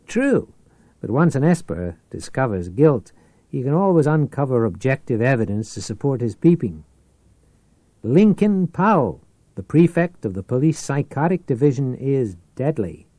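A man voicing a cold, wary male mind reader who speaks in a measured, guarded way. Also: mid-range voice, sing-song, dark tone, no echo, pitched above the performer's own voice.

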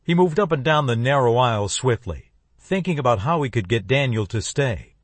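A male narrator reads an audiobook in a steady, even manner. His voice is mid-pitched and sits dry and close to the mic. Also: normal speed, no room sound.

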